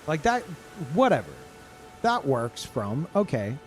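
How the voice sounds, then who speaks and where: Male streamer, higher pitch, swearing and incredulous, unhurried delivery. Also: soft background music. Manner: excitable, incredulous, swears often, laughs a lot. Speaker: game streamer. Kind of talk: live gameplay commentary.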